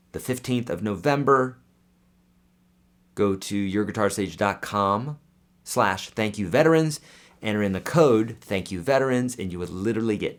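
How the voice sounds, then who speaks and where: Chatty man with a lowish voice. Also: a bit bright. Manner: chatty, friendly, many fillers and restarts, calls viewers "my friend". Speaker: guitar teacher hosting a live Q&A. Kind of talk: casual live-stream Q&A.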